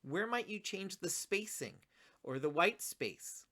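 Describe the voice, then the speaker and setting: A woman teaching a writing lesson to children, encouraging and talking straight to her students, reading her own poem slowly with a pause on each word. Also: lowish voice, expressive, sharp tone. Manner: reads her poem slowly, pausing on single words; encouraging, addresses students directly.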